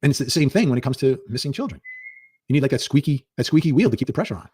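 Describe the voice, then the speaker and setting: A man's voice: mid-range voice, big pitch swings, rapid-fire, a little mellow, slightly rough, no echo, clean studio sound. A man giving earnest, emphatic commentary, repeating key points for stress. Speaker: legal commentator. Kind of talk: clip of commentary played in a stream.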